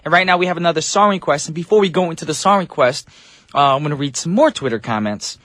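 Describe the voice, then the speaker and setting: A man's voice: fairly high pitch, fast talker, fairly bright tone, no echo. A man hosting a radio show as DJ, talking in a casual, upbeat, chatty way with loose fillers, from a studio microphone.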